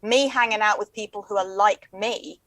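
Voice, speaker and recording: A woman, chatting as a comedian guest in a quick, wry, joking way. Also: medium pitch, fairly bright tone, no echo, rough recording. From England. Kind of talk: casual chat.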